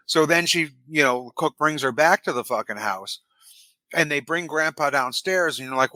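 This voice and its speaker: A man co-hosting a podcast, retelling scenes in an animated, profane way. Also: a little high, normal speed, no echo. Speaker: podcast co-host. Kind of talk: casual chat.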